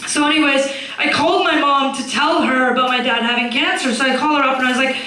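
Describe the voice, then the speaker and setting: A young woman doing a stand-up comedy set, blunt and swearing, deadpan about dark topics. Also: sits high, fast talker, very echoey, far from the mic, poor audio. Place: comedy club stage.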